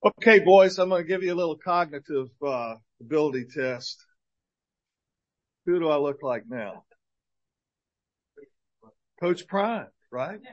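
A man in his sixties, a minister giving an energetic, joking talk to a men's group at a church, with lots of fillers. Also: fairly high pitch, a little slow, pauses often, highs cut off. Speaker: guest speaker and minister to men. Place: church gathering of men.

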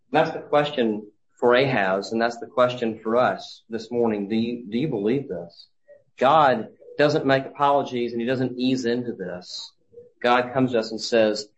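Earnest male preacher, dull recording. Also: medium pitch. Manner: earnest, halting with frequent restarts. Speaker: pastor. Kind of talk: sermon.

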